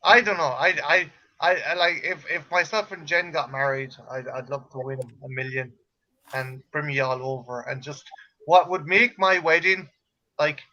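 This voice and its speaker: A man's voice: a little high, fairly even intonation, normal speed, pushed and bright, muffled recording. A man chatting casually on a stream, joking and rambling with stammered restarts. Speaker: co-host. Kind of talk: casual chat.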